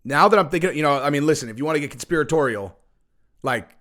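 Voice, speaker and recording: A man's voice: medium pitch, quick pace, bright, forceful tone. A middle-aged man giving casual ranting commentary on fighting sports, brash and profane, rambling with lots of fillers. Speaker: MMA commentator, channel host.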